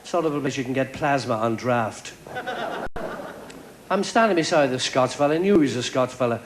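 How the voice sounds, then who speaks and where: A man doing a stand-up comedy set of quick one-liners on a TV show. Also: medium pitch. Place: TV studio with live audience. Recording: live TV show with crowd laughter and noise.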